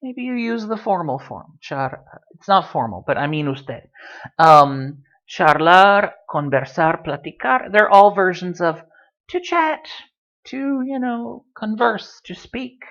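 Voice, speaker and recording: Man as a relaxed, joking language tutor, lively pitch, dull lo-fi computer mic. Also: slow pace. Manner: relaxed, chatty, with dry joking asides. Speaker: Spanish teacher. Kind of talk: recorded language lesson. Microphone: computer microphone.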